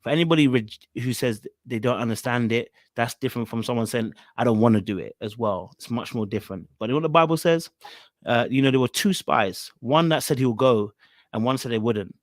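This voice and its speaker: A man hosting a podcast in a casual, rambling way, full of "you know" and "um". His voice sits at an ordinary middle pitch and sounds dry and close to the mic. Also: brisk, no echo. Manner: rambling, filler-heavy, laughs at the clip. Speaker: podcast host.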